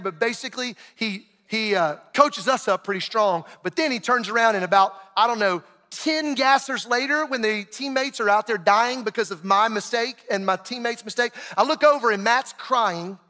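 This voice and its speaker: A middle-aged man preaching a sermon, telling a personal story in an animated way and acting out shouted quotes. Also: high-pitched, moderate pace. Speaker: pastor. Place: large church auditorium. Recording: long hall reverb.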